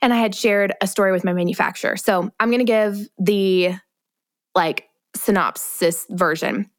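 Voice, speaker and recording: A woman's voice: medium pitch, moderate pace, no room sound, clean studio sound. A woman co-hosting a podcast, casually telling a story and acting out the voices of the people in it. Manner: animated storytelling, acts out quoted voices. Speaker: podcast co-host.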